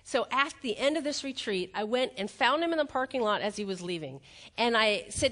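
A woman's voice: high voice, fast talker. A middle-aged woman giving a motivational keynote on stage before a live audience, telling stories and acting out the quotes. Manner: animated storytelling, acts out quotes, laughs at own jokes.

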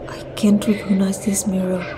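A woman voicing a timid young shrine girl in a game, in a breathy whispered role-play over background noise. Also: mid-range voice, monotone, moderate pace, lightly acted. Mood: hushed.

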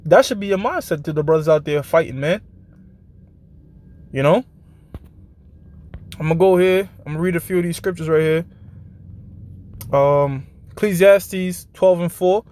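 A man hosting a live show, preaching informally. He is blunt and profane, keeps checking in with his listeners, and slows down to read scripture passages. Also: on the high side, darkish tone.

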